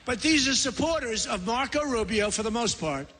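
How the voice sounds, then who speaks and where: A man's voice: very high-pitched, expressive, moderate pace, sharp tone, breathy edge. A man in his sixties giving a boastful, rambling, repetitive campaign rally speech in a large convention center. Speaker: political candidate. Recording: long hall reverb.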